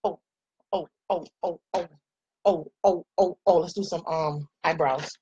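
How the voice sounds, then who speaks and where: A woman's voice: on the low side, fairly even intonation, a little slow, mellow, muffled recording, slight background noise. A woman in her forties chatting playfully with viewers while she does her makeup. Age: 40s. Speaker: makeup vlogger. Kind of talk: casual chat while doing makeup.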